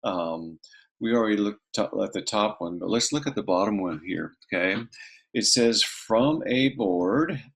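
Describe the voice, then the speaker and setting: A man's voice: lowish voice, moderate pace, gravelly, a bit bright. A man teaching a casual math lesson, talking through each step aloud and checking in with "okay" often.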